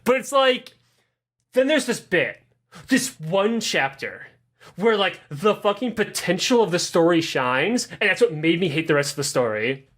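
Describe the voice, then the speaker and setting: A man talks through a long, profane recap on a casual podcast, hardly pausing. His voice is high and bright. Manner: rambling, profane, animated recap. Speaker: podcast co-host. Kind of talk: casual chat.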